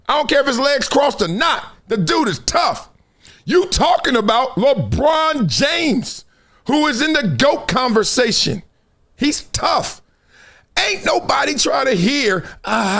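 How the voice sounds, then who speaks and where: A high-pitched man riffs on sports in a casual, slang-heavy commentary style. His voice swings widely up and down as he builds his points with emphasis. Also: a bit bright. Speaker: sports talk show host. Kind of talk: animated sports commentary chat.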